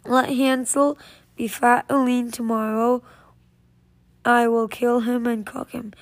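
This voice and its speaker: A woman's voice: a little high, flat delivery, slow pace. A woman voicing a cruel, scheming old witch in a read-aloud fairy tale, mocking and commanding.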